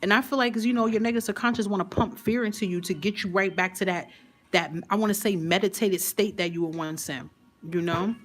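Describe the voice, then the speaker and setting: A woman's voice: mid-range voice, brisk. Chatty, slangy woman card reader. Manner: chatty, laughing, slangy and emphatic. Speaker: tarot and affirmation card reader. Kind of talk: casual live reading chat.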